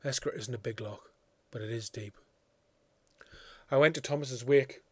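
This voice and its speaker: Measured man reading a story. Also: mid-range voice, husky, no echo. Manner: measured, quiet, reflective. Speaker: narrator. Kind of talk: audiobook reading of a literary story.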